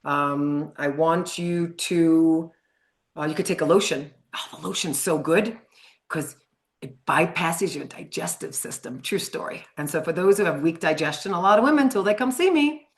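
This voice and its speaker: A woman's voice: low-pitched, moderate pace. A middle-aged woman coaching on sugar addiction in a live online training, chatty and frank, swearing casually and laughing often.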